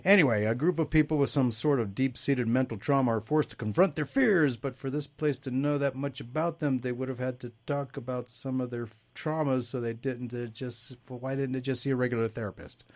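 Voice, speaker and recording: A man's voice: mid-range voice, fairly quick, few pauses, a little mellow. A man hosting a casual panel chat about movie trailers, rambling and laughing often. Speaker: host.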